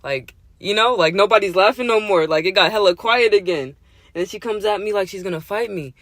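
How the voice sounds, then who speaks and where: A man hosting a casual show, telling a story in an animated, slangy, profane way, often laughing. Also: high-pitched, brisk, no room sound. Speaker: host.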